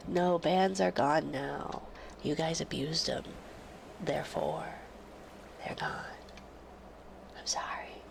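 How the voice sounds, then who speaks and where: A woman chatting casually on her live stream while sick with a fever, often dropping into soft whispers. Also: deep voice, gravelly, noisy background. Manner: slow and soft, drifting into whispers. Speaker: livestreamer. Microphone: close studio microphone.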